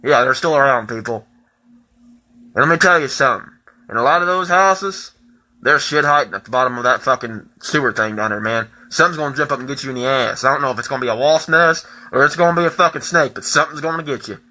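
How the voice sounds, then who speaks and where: A man in his twenties in a profane, heated personal rant that keeps rising into shouting. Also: mid-range voice, fast, low-quality recording. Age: 20s.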